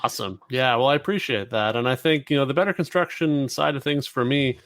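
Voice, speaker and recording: A man's voice: mid-range voice, fairly quick, fairly bright tone, dry recording, studio quality. A man hosting a podcast interview in an easygoing way, with hesitant fillers. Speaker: podcast host. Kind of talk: casual interview.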